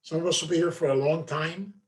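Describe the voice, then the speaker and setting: A man's voice: a little high, fairly even intonation, fairly quick. Folksy man telling a life story. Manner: folksy, conversational, many asides. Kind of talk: storytelling talk to a group.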